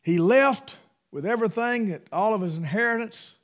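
A man preaching a sermon in a folksy, emphatic way, swinging between loud bursts and hushed asides. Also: high-pitched, normal speed.

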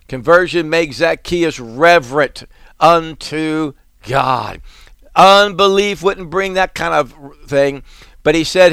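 A middle-aged man preaching a sermon as a pastor, stressing words slowly and building to fervent appeals. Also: fairly high pitch, vocal fry, fairly bright tone, clean tone, no room sound, studio quality. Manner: emphatic preaching, drawn-out stresses, rising to fervent exhortation.

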